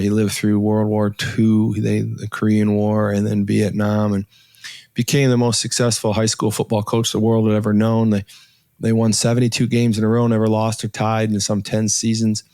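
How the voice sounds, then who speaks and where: A man's voice: fairly low pitch, mellow, clear, resonant tone, no echo. Earnest man in his 60s, dry sound. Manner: earnest, halting, with many restarts and emotional pauses. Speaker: podcast guest, author and entrepreneur. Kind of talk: personal storytelling in a podcast interview.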